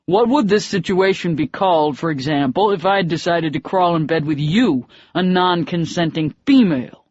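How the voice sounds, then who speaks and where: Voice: medium pitch, moderate pace, a little mellow, no echo, lightly acted. A blunt, furious young man in an audiobook romance, as the narrator plays him, curt and cold, biting off his words. The recording is dry and a little dull. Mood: angry.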